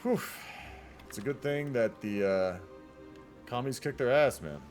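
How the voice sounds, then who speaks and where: A man's voice: medium pitch, expressive, unhurried, a little mellow, faint music behind. A man streaming and casting a multiplayer strategy game in casual live commentary, rambling and laid-back, swearing and often tacking "man" onto his sentences.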